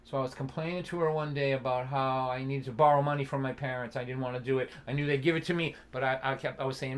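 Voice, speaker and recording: A man in his sixties telling a personal story at a concert, earnest and halting, with restarts and an occasional cough. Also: medium pitch, steady tone. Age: 60s. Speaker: folk singer and storyteller.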